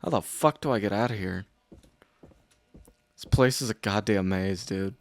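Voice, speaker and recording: A man's voice: lowish voice, moderate pace. A young man streaming a horror game, rambling with lots of filler words and frequent swearing. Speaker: gaming streamer. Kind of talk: casual let's-play commentary.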